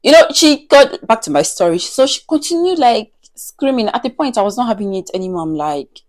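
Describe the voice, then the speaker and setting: A woman's voice: a little high, big pitch swings, fairly quick. A woman, telling a personal story in a casual, chatty way, full of "like". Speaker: vlogger.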